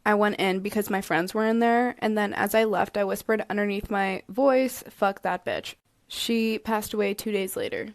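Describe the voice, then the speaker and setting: A young woman telling personal stories in a deadpan, matter-of-fact way. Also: medium pitch, moderate pace, hardly any pauses, no echo, studio quality. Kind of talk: storytelling video.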